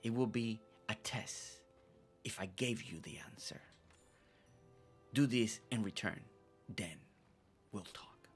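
A man voicing a dramatic, secretive male villager in a deep, half-whispered, solemn voice. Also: takes it slowly, pauses often. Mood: brooding. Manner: solemn, cryptic pronouncements. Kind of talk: game dialogue read-along. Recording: faint game music behind.

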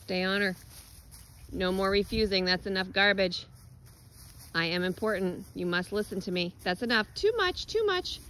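A woman's voice: mid-range voice, level tone, moderate pace, pauses often, a bit bright, rough recording. A woman dog trainer coaching outdoors on a lawn, giving direct, encouraging instructions and explaining her methods.

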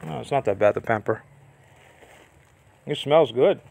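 A man teaching the Bible in a casual, rambling monologue, often correcting himself and slowly reading out Greek words. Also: medium pitch, creaky, darkish tone.

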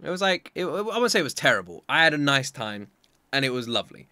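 Rich: An excitable young man reacts to an anime, his voice swooping up and down with a bright, forceful edge. He chats casually and swears freely. The sound is close and dry. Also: mid-range voice, fast, dry recording.

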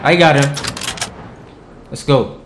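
A man giving let's play commentary, excitable and trash-talking the enemies, often bursting into shouts. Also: a little high, slow, reverberant, background noise. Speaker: gaming streamer.

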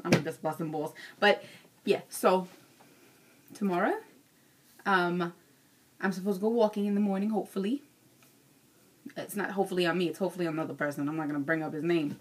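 A woman's voice: lowish voice, normal speed, long pauses, a little hiss or hum. A young adult woman ranting casually in a vlog, frank and self-mocking, cursing freely. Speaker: vlogger.

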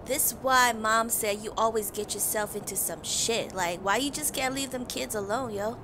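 A woman's voice: fairly high pitch, normal speed, noisy background, lightly acted. A woman playing a nagging teenage daughter. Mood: scolding. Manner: scolding, exasperated. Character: nagging teenage daughter scolding her dad. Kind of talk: comedy skit voice acting.

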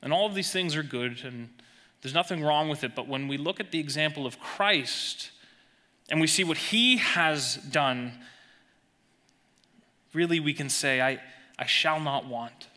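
Guy pastor preaching, really bright sharp voice, kinda high, big echoey church. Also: lively intonation. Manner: emphatic preaching, dropping soft and slow on quoted verses. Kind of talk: sermon. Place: church sanctuary.

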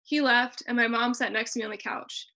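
A young woman reading her own personal essay aloud over a video call, in a measured and expressive way. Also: fairly high pitch. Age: young adult. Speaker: student reader.

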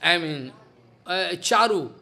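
A man preaches in an unusually high, bright voice. He repeats his phrases emphatically and keeps checking that his listeners are following. He speaks in the loose, spoken style of a devotional discourse. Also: expressive, slow, creaky. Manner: emphatic, repetitive, asks listeners questions. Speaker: spiritual teacher.

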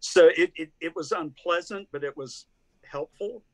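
A man's voice: on the high side, normal speed. An older man from Tennessee with a Southern accent, a guest critic telling stories in a casual interview with frequent restarts. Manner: chatty storyteller, many restarts and laughs. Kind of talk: casual video-call interview.

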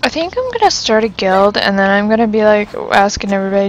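A woman playing an online game while talking, swearing and reacting loudly as she goes. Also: medium pitch, fast talker, lo-fi sound, slight background noise. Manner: loud, swearing, excitable. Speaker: gamer. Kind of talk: live gameplay commentary. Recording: game music behind voice.

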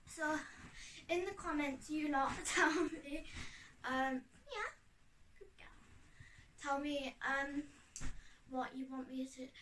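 High-voiced giggly woman vlogging in her bedroom. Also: fairly bright tone. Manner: chatty, easily sidetracked, giggly. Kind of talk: casual chat to camera. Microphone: camera on a tripod. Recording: roomy, a bit far from mic, faint noise.

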